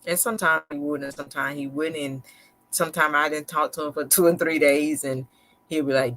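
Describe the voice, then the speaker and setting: A woman's voice: low-pitched, fairly even intonation, a little fast, a bit bright. A chatty woman talks straight to her live-stream viewers, candid and a little sarcastic. Her phrasing is loose and repetitive, full of restarts. She sounds casual and unscripted, like she is confiding in them. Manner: candid, conversational, a bit sarcastic and slick. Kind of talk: casual personal storytelling to viewers.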